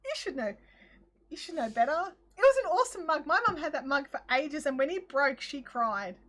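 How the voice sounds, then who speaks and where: Chatty Australian woman host, high-pitched and bright, relaxed live-stream banter. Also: moderate pace. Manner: chatty, reads out viewer comments, laughs often. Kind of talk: live craft chat stream.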